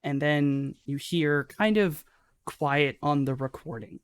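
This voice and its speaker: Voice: mid-range voice, steady tone, takes it slowly, slight background noise. A game master narrating a tabletop horror game in a casual, descriptive way.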